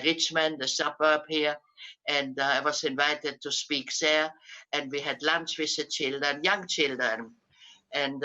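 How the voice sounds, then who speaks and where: A woman in her nineties, a Holocaust survivor, tells her story on a video call, pausing often with um and restarting her sentences. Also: deep voice, sharp tone. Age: 90s. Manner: unhurried storytelling with frequent um and restarts. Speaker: Holocaust survivor giving testimony. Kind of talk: spoken testimony over video call. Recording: muffled video-call audio.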